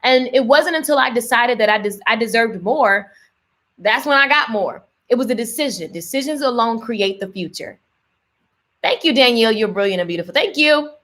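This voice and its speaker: Fairly high in pitch and speaking at normal speed, a woman coaches on business during a live stream. She's energetic and emphatic, repeats important lines, and reads viewer comments out loud.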